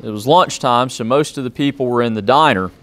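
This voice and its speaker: A man's voice: medium pitch, fairly quick, a bit bright. Man, police officer, reads a storybook aloud to kids, friendly and plain, mid-range voice. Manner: friendly, plain-spoken, chatty asides to kids. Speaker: police officer reading to children. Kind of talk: children's storybook read-aloud.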